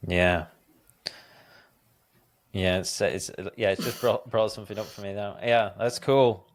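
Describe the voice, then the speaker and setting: A man's voice: lowish voice, measured pace. A man hosting a podcast, chatting casually and rambling with filler words. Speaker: podcast host. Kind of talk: casual conversational interview.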